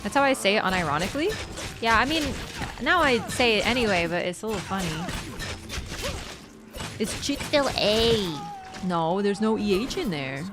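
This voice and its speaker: Girl streamer, excitable, yelps at the game, lively voice, music in the background. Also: medium pitch, fast. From Canada. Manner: excitable, reacts aloud to gameplay and chats with viewers. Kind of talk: casual livestream chat while gaming.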